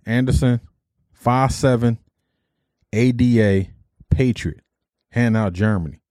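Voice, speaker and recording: A man's voice: medium pitch, slow pace, dry recording, studio quality. A middle-aged man from Detroit, an army veteran, casually telling his life story and acting out the dialogue. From Detroit, USA. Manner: animated retelling, acts out dialogue, mild cursing substitutes.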